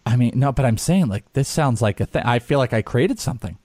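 A man's voice: medium pitch, expressive, fairly quick, darkish tone, dry recording, clean studio sound. A man co-hosting a casual sports podcast, talking in a rambling, jokey way with filler words. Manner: rambling, jokey, slips into mock voices. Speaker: podcast co-host.

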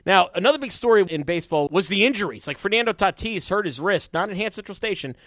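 A man hosting a sports talk radio show, telling stories with loud bursts of excitement. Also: sits high, fast talker, dry recording, clean studio sound. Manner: animated storyteller, bursts into loud exclamations.

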